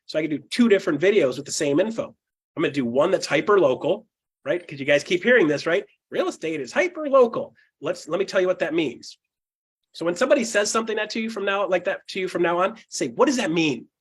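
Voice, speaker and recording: Brief: male sales coach with a raspy edge and a somewhat high voice, talks fast, acts out client chats. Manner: fast and punchy, with frequent tag questions. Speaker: real estate coach. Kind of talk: energetic teaching talk.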